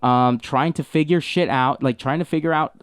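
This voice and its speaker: A man's voice: fairly high pitch, moderate pace, clear, resonant tone, no room sound. A man co-hosting a casual film review podcast, rambling with lots of fillers, swearing and teasing his co-host. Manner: rambling, profane, exasperated teasing. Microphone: close podcast mic.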